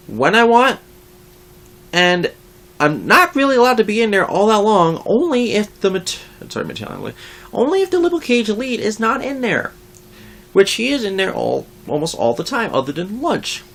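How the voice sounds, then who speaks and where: Young adult, casual vlog rant, lively rising and falling pitch, middle pitch, heavy swearing. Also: normal speed. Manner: animated, swears a lot, mocks others. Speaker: vlogger.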